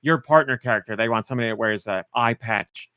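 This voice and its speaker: A man's voice: mid-range voice, quick pace, bright, forceful tone, no room sound, clean studio sound. A man hosting a casual podcast, running a guessing game with playful teasing. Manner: playful, teasing quiz-master. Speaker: podcast host.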